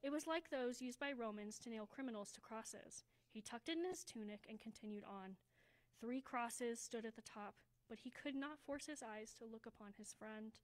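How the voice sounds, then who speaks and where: A woman reading a children's story aloud at a church service, slowing down for emphasis and dropping to a hush. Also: fairly high pitch, poor audio. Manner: expressive, slows down for emphasis, drops to a hushed voice.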